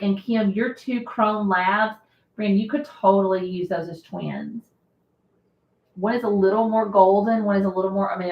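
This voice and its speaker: A woman's voice: mid-range voice, dull audio. A woman hosting a casual live stream, chatting and laughing often as she answers viewer comments. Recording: roomy echo.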